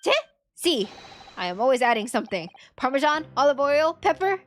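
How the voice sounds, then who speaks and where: Brief: excitable Italian thug, woman doing the voice, high and jumpy, thick comic Italian accent. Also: normal speed. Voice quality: exaggerated comic accent, fillers. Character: excitable male Italian thug, food-loving.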